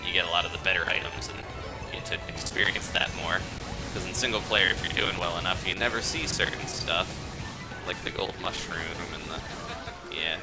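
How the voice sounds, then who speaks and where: A man's voice: sits low, moderate pace, over loud music. A man casually chatting and rambling while hosting a live gameplay stream, laughing often. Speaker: gaming streamer host.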